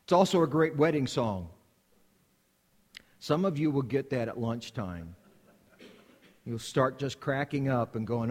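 A man's voice: medium pitch, expressive, a little slow, long pauses, big-room sound. A man from the United States preaching a sermon as a missionary, with an emphatic, repetitive cadence.

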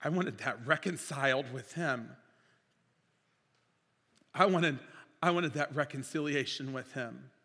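A man preaching a sermon as pastor, impassioned, swinging between loud declarations and quiet storytelling. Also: mid-range voice, measured pace, pauses often. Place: church sanctuary. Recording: reverberant church hall.

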